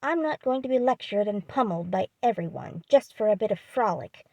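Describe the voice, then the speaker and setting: A proud young man in a sulk, defiant and quick to take offence, as a woman reads him in an audiobook. The tone is dark and gravelly, and the room is dry. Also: mid-range voice, animated, no echo, highs cut off. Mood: indignant. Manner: indignant, defiant. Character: young man, proud, sulky, hot-tempered.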